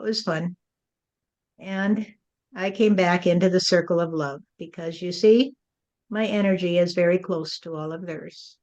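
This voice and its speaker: A woman's voice: fairly low pitch, unhurried, darkish tone, muffled recording. A woman acting as a spirit medium, relaying channeled messages in a musing way and often tagging her lines with "you see.".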